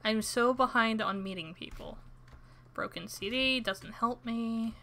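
A woman's voice: a little high, unhurried, sharp tone. A woman streaming a farming game, chatting casually and joking at her own expense. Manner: chatty and self-deprecating. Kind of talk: let's-play commentary.

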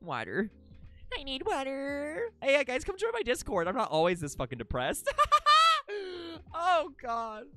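Goofy, giggly live streamer with a bright, lively voice over faint background music. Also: mid-range voice, normal speed. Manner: giggly and goofy, repeating silly words. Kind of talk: casual live-stream chat.

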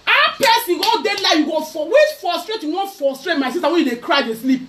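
Loud Nigerian woman ranting, high and lively. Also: brisk. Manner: loud, mocking, switching into Pidgin. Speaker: vlogger. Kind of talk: ranting to camera. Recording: voice a bit far from the mic.

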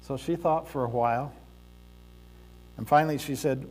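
A man preaching a sermon in a church sanctuary, speaking deliberately with pauses and the odd filler as he tells a story. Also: medium pitch, darkish tone, a little hiss or hum. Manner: slow, deliberate delivery with pauses and occasional fillers. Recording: reverberant church hall.

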